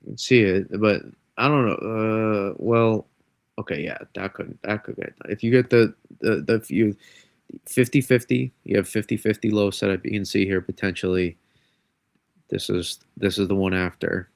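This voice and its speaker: Stuffy male weather streamer with a cold, rambling, self-correcting, gravelly, dry close mic. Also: on the low side, fairly even intonation, moderate pace, no echo. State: congested from a cold. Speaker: weather forecaster. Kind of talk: live-stream weather model breakdown.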